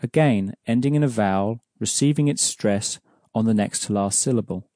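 A man teaching a language lesson, explaining pronunciation patiently and clearly. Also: lowish voice, moderate pace, warm tone, no echo, studio quality. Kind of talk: explaining an audio course lesson.

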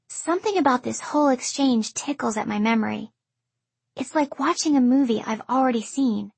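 A woman narrates a first-person story in an even, storytelling way. Her voice is slightly high and husky. The recording is close and dry, like a studio booth. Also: moderate pace, no echo. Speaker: audiobook narrator.

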